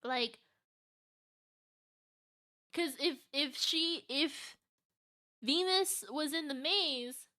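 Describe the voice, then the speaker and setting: Woman streamer, casual live chat, bright and slightly high, excitable and rambling. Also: extremely slow, pauses often. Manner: excitable, restarts and rambles, laughs often. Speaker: streamer reacting to a video.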